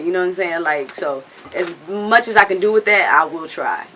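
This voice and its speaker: Animated and sharp-toned, this lowish female voice belongs to a singer giving a relaxed, candid interview at normal speed. The recording is rough, with slight background noise. She rambles earnestly, speaks bluntly with occasional cursing, and keeps checking in with "you know what I'm saying."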